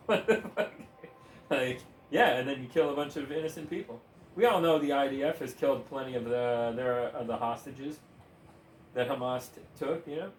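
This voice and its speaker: Ranting while he games, this streamer is profane, heated and sarcastic, now and then breaking into laughs. His voice is on the high side, and the audio carries a roomy echo, faint ambience and a little hiss or hum.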